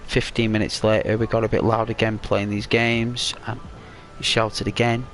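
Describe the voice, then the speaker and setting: A man casually telling a rambling, halting story while commenting on a video game. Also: lowish voice, faint music behind. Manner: rambling, halting, excitable when retelling. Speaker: gaming commentator. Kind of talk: casual storytelling over gameplay.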